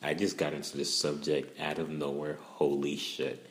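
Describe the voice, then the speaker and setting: A man's voice: extremely low pitch, monotone, normal speed. A young man, rambling casually and profanely in a laid-back monologue.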